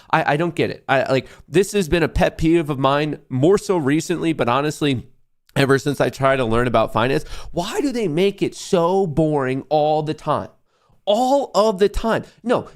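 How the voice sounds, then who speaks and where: A young man hosting a live market stream, ranting in a loud, profane and sarcastic way. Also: high voice. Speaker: livestream host. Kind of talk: live market commentary rant.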